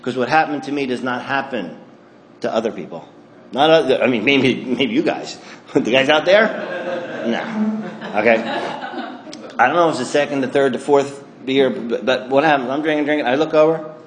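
A man tells a comic, self-mocking story about his drinking and acts out his own thoughts in lively bursts. His voice sits at a middle pitch. The room is roomy, with a faint ambient hum behind him. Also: moderate pace. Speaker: speaker telling his recovery story. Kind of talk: comic storytelling talk to an audience.

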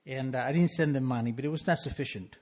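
A man in his sixties telling a personal recovery story to an audience in an animated, wry, emphatic way. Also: medium pitch, fast. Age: 60s. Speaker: speaker sharing a recovery story.

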